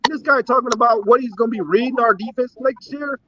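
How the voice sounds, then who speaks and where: A man's voice: very high voice, fast, highs cut off, noisy background. A man arguing in a casual sports debate who keeps restarting words and talks over the others.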